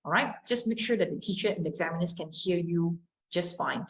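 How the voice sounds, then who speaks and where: Young Malaysian woman, English tutor, lowish voice, coaches and demonstrates words. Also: lively intonation, fairly quick, rough recording. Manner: switches into Mandarin to explain, models pronunciation. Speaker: English teacher. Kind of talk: exam-prep lesson.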